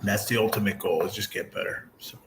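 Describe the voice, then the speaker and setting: With a lowish voice, fairly even intonation and a fairly quick pace, a man in his forties hosts a livestream amid background noise. He addresses viewers and chat directly, venting bluntly and cursing a lot in a casual way.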